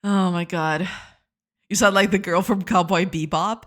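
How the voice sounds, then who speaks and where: A woman's voice: mid-range voice, unhurried. A woman streaming her game development live, chatting casually, giggling and stammering in a self-deprecating way. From not from the United States.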